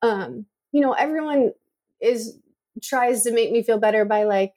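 A woman's voice: a little high, unhurried, darkish tone. A middle-aged woman co-hosting a podcast, talking in a chatty, emotional way with lots of fillers. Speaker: podcast co-host. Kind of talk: casual chat.

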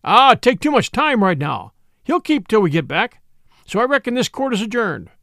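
Man doing a blustering frontier judge, commanding, folksy, gravelly, dry. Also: high voice, sing-song, normal speed, dry recording, voice pushed up, full character voice. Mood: domineering. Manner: loud, commanding, folksy drawl.

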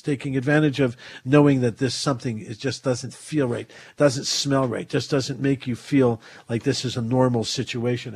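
Male radio host, husky and stuffed up, earnest rambling delivery, dry close mic. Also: mid-range voice, no echo. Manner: earnest, rambling with many fillers. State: stuffed up, getting over covid. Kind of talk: call-in radio talk. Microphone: studio microphone.

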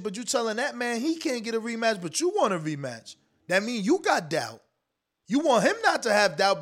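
High-pitched guy w/ ranting to his stream, slangy, emphatic. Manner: animated, slangy, emphatic, talks straight to the audience. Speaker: boxing commentary show host. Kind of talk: casual livestream talk reading super chats.

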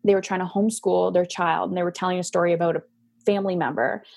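A woman with a husky voice talks frankly about raising kids. She tells stories in an animated, restarting way, like a parenting coach on a casual video call. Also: fairly low pitch, fast talker. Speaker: guest, parenting coach and podcaster. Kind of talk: casual interview talk.

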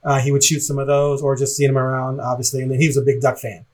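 A man's voice: medium pitch, completely flat delivery, quick pace. A man co-hosting a sports podcast, talking in a rambling, reflective way with frequent laughs. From Portland, Oregon area. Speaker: podcast co-host. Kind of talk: casual podcast chat.

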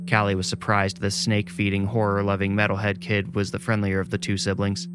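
A man reading a scripted horror story in a measured, deliberate way. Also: fairly low pitch, completely flat delivery, over music. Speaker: narrator.

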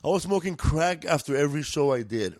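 Slangy, profane LA comedian. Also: male voice, on the high side, expressive, fairly quick, darkish tone, dry recording. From East Los Angeles. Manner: profane, laid-back, drawling street slang. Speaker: guest comedian. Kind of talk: casual storytelling.

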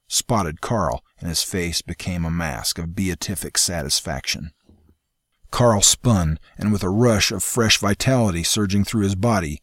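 A man reading a fantasy novel aloud in a measured, dramatic storytelling manner. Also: low-pitched, dry recording, clean studio sound. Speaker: audiobook narrator. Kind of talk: scripted fantasy narration.

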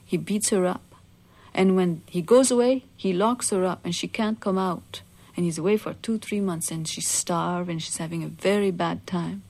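A woman's voice: fairly low pitch, normal speed, gravelly, darkish tone. A small kindly eagle, as a woman tells him. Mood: earnest.

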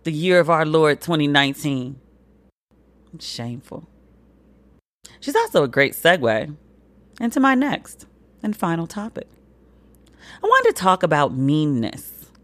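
A woman hosting a solo commentary podcast, talking bluntly and profanely, and jumping up in pitch for emphasis. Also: moderate pace, dry recording. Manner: animated, swings pitch high for emphasis. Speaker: podcast host.

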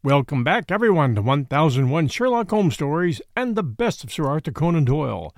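A man's voice: fairly high pitch, sing-song, fairly quick, no echo, studio quality. A man hosting a podcast and reading a memoir aloud as an audiobook, telling the story expressively and acting out the quoted speech. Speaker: podcast host and narrator.

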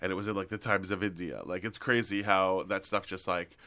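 A male actor and comedian chatting as a podcast guest, telling animated stories full of "like". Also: low-pitched, brisk. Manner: animated storyteller, lots of "like". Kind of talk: casual podcast chat.

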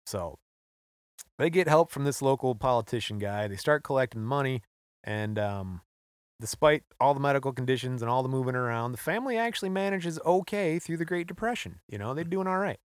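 A man's voice: mid-range voice, lively intonation, a little fast, no room sound, clean studio sound. A man co-hosting a podcast, retelling a story in an offhand, joking way. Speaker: podcast co-host. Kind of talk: casual chat.

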